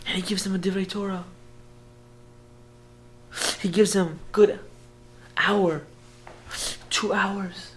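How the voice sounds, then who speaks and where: A man, a rabbi, telling a story in an emotional sermon. He swings from hushed tones to loud, urgent speech and repeats phrases for emphasis. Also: high voice, level tone, slow pace, long pauses. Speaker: rabbi giving an inspirational talk.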